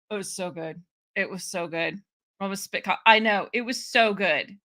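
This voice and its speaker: Bright-voiced woman streamer, chatty. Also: medium pitch, normal speed. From Ohio. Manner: chatty, laughing, animated asides. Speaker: political commentary streamer. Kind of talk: casual live commentary.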